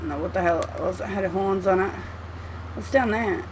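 A woman's voice: mid-range voice, normal speed, music in the background. A woman commentating her gameplay at home, chatty and swearing freely as she talks to the game. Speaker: gameplay streamer. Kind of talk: let's play commentary.

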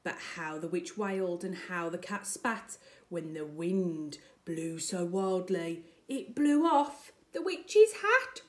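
A woman primary school teacher reading a picture book aloud to children in a remote lesson, with an animated, expressive delivery. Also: on the low side, slow pace. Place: home-recorded remote lesson video.

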